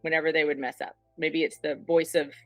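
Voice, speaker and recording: A woman's voice: low-pitched, level tone, fairly quick, no room sound, faint music behind, rough recording. A woman therapist on a panel, explaining ideas with vivid acted-out examples. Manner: explanatory, illustrative, acts out examples. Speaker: couples therapist. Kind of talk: panel discussion.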